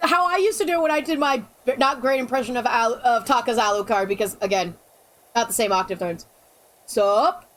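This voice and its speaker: A young adult woman streamer in casual gaming chat, excitable and quick to protest. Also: a little high, low-quality recording.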